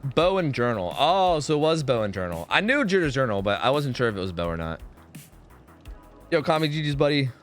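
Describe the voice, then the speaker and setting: A young man streaming a game, chatting casually with his viewers, swearing freely and trailing into quick asides. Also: medium pitch, sing-song, soft background music. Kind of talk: casual gaming commentary.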